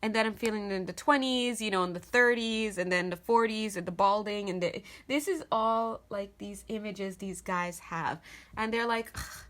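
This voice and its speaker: A woman with a voice of average pitch reads tarot cards to camera. She speaks earnestly, as though passing on messages from spirit, and keeps restarting her sentences as she goes. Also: normal speed, a bit bright. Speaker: tarot reader. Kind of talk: intuitive tarot reading to camera.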